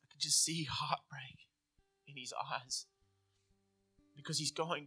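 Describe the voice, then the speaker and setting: A man's voice: a little high, steady tone, takes it slowly, pauses often, bright, forceful tone, husky, soft background music. A man preaching a sermon in an earnest, conversational way, slipping into acted inner voices to make his points. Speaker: pastor.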